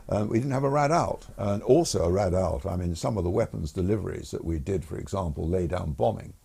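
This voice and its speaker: Gravelly older man telling stories. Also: low-pitched, animated, a little fast, warm tone. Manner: rambling, self-correcting, chuckles while telling stories. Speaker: guest, retired air force pilot. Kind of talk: anecdotal interview storytelling.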